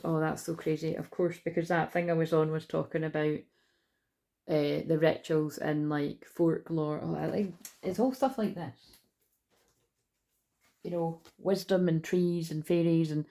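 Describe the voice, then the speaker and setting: Low, gravelly woman reading cards. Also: normal speed. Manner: chatty, rambling, excitable asides. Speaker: tarot reader. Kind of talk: casual spiritual card reading. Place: at home indoors.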